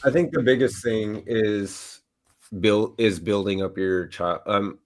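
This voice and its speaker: A man's voice: fairly low pitch, fairly even intonation, slow pace. A middle-aged man co-hosting a live stream, chatting casually with lots of fillers. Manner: rambling, filler-heavy. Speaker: co-host. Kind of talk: casual chat.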